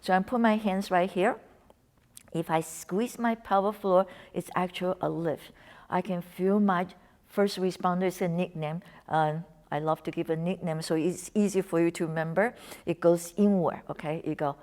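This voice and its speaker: A woman's voice: on the low side, normal speed. Woman coaching a breathing lesson. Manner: coaching, encouraging, slips into soft whispers on cues. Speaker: wellness instructor.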